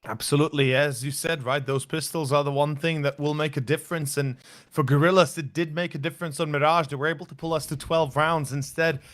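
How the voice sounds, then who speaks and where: Excitable man on esports color commentary. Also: a little high, fairly quick, dry recording. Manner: excitable, playful. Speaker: esports co-caster.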